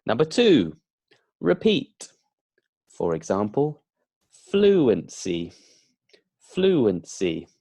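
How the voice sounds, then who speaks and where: Guy teaching beginner english, super slow and bouncy, repeats every word, dry sound. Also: medium pitch, wildly swooping pitch, dark tone, no room sound. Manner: slow, emphatic drilling with repetition.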